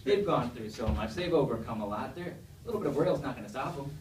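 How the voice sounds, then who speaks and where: A man's voice: medium pitch, lively intonation, fast talker, a little mellow. A male stand-up comedian talking to the crowd on a club stage in a loose, conversational way and throwing questions at the audience. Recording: echoey room, distant mic, faint noise.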